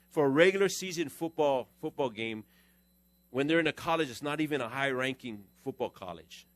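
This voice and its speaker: A middle-aged pastor preaching a sermon in an animated, conversational way, his volume rising and falling. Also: medium pitch, fairly quick, no echo.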